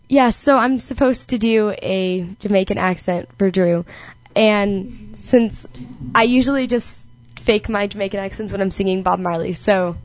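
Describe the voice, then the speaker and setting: A teenage girl co-hosting a casual radio show, giggly and self-deprecating as she chats with friends. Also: mid-range voice. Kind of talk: casual chat.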